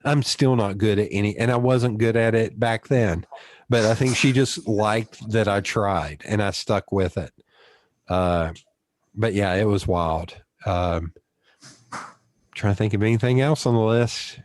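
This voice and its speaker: A Southern man hosts a relaxed conversational interview. His voice sits on the low side and sounds dry and close, and he drifts through long anecdotes with quick asides. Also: no room sound. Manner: rambling storyteller, quick asides. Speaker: podcast host.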